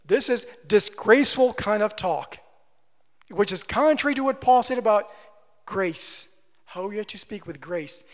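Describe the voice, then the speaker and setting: A man's voice: high-pitched, expressive, unhurried, a bit bright. A male preacher giving an emphatic sermon, repeating his phrases and putting questions to the congregation. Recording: long reverb of a large hall.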